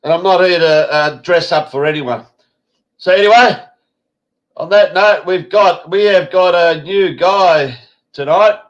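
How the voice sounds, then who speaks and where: Guy hosting a livestream, rambly and sweary, slightly high voice, muffled lo-fi sound. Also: a little slow. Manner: rambling, mumbly, swears casually. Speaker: host. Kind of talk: casual live-stream chat.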